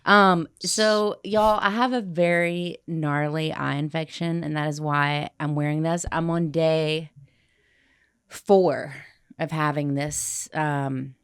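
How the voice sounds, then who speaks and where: A low-voiced woman with a gravelly edge co-hosts a podcast in loose, casual chat. She speaks bluntly and crudely and often laughs. The sound is close and dry, with no room around it. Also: steady tone, slow, no room sound. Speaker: podcast co-host.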